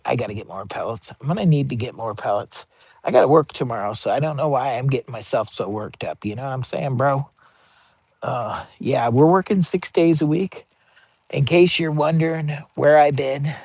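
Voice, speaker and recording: A man live streaming a product test, joking around, hyping up his viewers and bursting into excitement. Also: mid-range voice, normal speed, vocal fry, breathy edge, dry recording. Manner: joking, hyped, begs for likes, bursts of excitement. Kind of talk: goofy live-stream chat. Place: outdoor campsite by a pellet stove.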